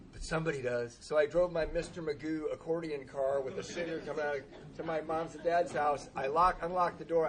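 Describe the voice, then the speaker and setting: A man's voice: a little high, slight background noise, poor audio. A man in recovery telling a humorous personal story, self-deprecating and laughing through it. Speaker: recovering alcoholic sharing his story.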